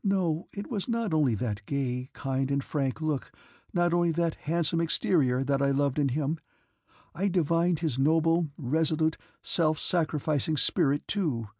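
Gentle young noblewoman, read by a man, raised high and pleading, husky and gravelly. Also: measured pace, no room sound, studio quality. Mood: musing. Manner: trembling, pleading.

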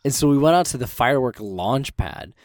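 A medium-pitched, expressive man's voice at a slightly quick pace, with crowd noise in the background. As a podcast co-host in a casual storytelling chat, he tells stories animatedly, swears freely, and acts out the quotes.

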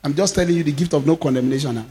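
Speaking rapid-fire at a fairly high pitch, a Nigerian pastor in his fifties delivers his sermon as an animated storyteller. He laughs a lot and drops Yoruba phrases into his English.

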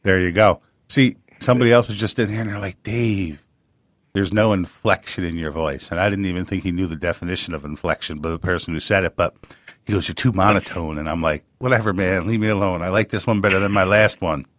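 A man's voice: deep voice, quick pace, a bit bright, no room sound. A man in his forties hosting a radio call-in interview, loose and joking, swearing casually. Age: 40s. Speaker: radio show host.

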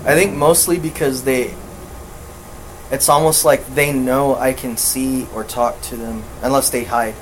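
Man, casual podcast chat, swears a lot, rambling tales, mid pitch. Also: a little slow, a little hiss or hum, low-quality recording. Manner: profane, rambling, animated storyteller. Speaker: podcast co-host.

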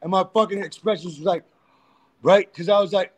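A man's voice: sits high, brisk, husky. A man, a pro wrestler guest, telling crude, profane backstage stories in a casual interview. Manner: profane, animated storyteller.

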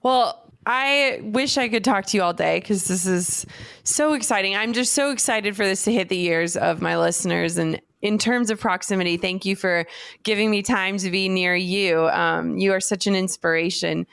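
A woman's voice: medium pitch, moderate pace, creaky, fairly bright tone, clean tone. A woman hosting a podcast interview, enthusiastic and gushing. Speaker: podcast host. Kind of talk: casual interview.

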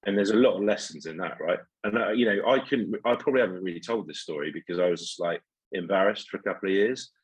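Casting: low, husky-voiced business owner, rambling anecdote, dry close sound. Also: male voice, fast, no echo, low-quality recording. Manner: rambling, many ums and restarts. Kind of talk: casual storytelling in an interview.

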